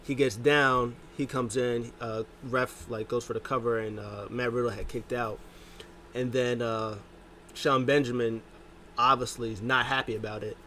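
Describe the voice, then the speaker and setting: Man casually recapping with faint noise. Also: normal speed. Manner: animated retelling, jumps pitch to quote wrestlers. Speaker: wrestling show recap host.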